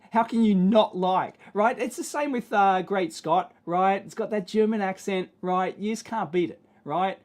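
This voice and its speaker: An Australian man with a nasal, whiny voice hosts a casual livestream chat, rambling and putting himself down, often ending sentences with "right?" and clearing his throat. His voice is high and a little mellow, with lively intonation, a measured pace and few pauses.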